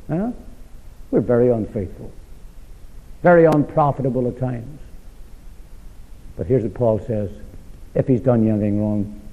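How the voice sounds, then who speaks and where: A man preaching a sermon, throwing rhetorical questions at his listeners and swinging from loud emphasis to hushed asides. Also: mid-range voice. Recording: echoey hall over a tinny, phone-like line.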